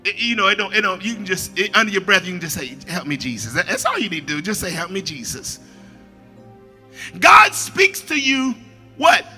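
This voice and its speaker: Raspy high-voiced preacher guy, gravelly, repeats himself a lot, music under him. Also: big pitch swings, quick pace. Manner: preaching with shouted peaks and quiet asides, repeating phrases. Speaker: pastor. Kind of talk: sermon.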